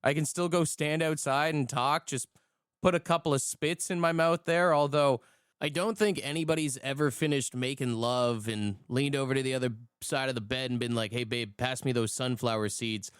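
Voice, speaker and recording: A man's voice: medium pitch, fairly even intonation, normal speed, a bit bright, clean tone, dry recording, studio quality. Laid-back joking male radio host. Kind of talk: casual morning radio chat.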